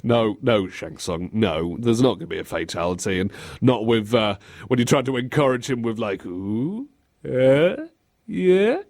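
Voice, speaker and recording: A man's voice: on the low side, moderate pace, no room sound, studio quality. A man co-hosting a radio show, chatting casually and laughing as he acts out quotes. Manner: animated and giggly, acting out quotes. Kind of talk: casual chat on air. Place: radio studio desk.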